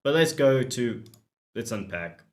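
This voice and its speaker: A man's voice: medium pitch, animated, unhurried. A man hosting a gaming channel, giving joking, chatty let's-play commentary while reading the dialogue.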